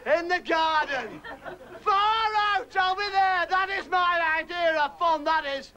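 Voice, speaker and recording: A man doing a stand-up comedy rant, shouting and exasperated, with an audience laughing faintly behind him. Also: very high voice, a little slow. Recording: faint studio audience crowd.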